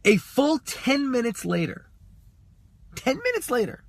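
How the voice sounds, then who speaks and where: A man co-hosting a casual talk show, telling a story in an animated way and swearing often. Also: very high voice, measured pace, gravelly, a little hiss or hum. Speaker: podcast co-host.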